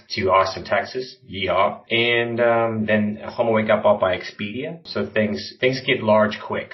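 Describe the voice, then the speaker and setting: A man in his forties, a podcast guest, telling his story in a relaxed, conversational way. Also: low-pitched, dull audio. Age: 40s. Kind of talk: casual interview.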